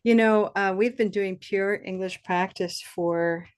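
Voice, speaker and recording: A woman teaching pronunciation on a video call, relaxed and chatty, leading repetition drills. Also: medium pitch, unhurried. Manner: relaxed, chatty, laughs easily.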